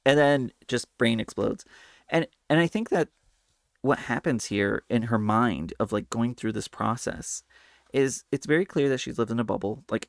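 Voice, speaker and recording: A man's voice: lowish voice, gravelly, dry recording, studio quality. A man hosting a casual political commentary video, talking animatedly and slipping into mocking voices when he quotes people. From Hispanic Latino background. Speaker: commentary channel host.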